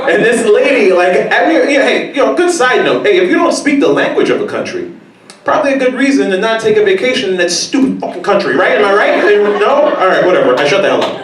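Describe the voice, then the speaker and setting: A man doing a stand-up set in a comedy club, talking casually and acting out people in sudden high squeals. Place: comedy club stage before a laughing crowd. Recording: roomy live club sound from a distance.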